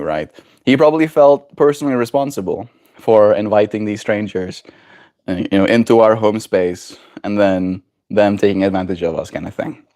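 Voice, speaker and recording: Male livestreamer, low-ish register, blunt and swears freely, loose casual delivery. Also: a little mellow. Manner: heated, blunt and profane, with frequent "right?". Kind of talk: casual livestream chat, reading viewer messages.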